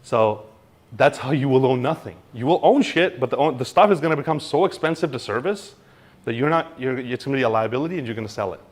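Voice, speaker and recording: Animated man giving a casual crypto talk. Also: mid-range voice, quick pace. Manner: animated, acts out dialogue in mock voices; blunt, swears casually. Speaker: crypto educator. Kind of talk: informal seminar talk.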